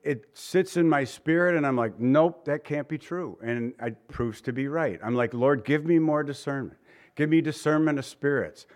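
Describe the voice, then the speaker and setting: A man's voice: a little high, moderate pace. A male pastor preaching a conversational sermon, mixing quips with scripture reading.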